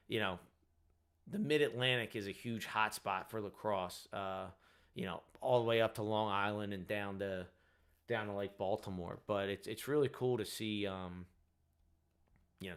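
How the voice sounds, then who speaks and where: A man's voice: lowish voice, fairly bright tone, clear, resonant tone. Tired, rambling man hosting a livestream. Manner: rambling, full of "like" and "you know". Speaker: host. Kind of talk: casual livestream chat.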